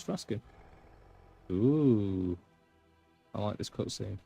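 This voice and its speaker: A man's voice: lowish voice, steady tone, moderate pace, a little mellow, soft background music. A man with a Northern English accent chatting casually on a live stream, rambling and blunt. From England, between Manchester and Yorkshire.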